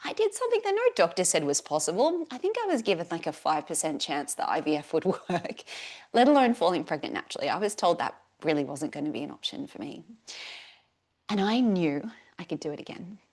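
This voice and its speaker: Aussie yoga teacher lady, lowish voice, earnest, gets soft and emotional. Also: sing-song, a little fast. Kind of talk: personal story in a live online class.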